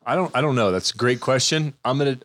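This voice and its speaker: A man's voice: medium pitch, fast, a bit bright, dry recording, clean studio sound. A man, a podcast guest, tells a rambling story in casual chat, often breaking off and restarting. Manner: rambling, self-interrupting storyteller. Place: room with other people and mics. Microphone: studio mic.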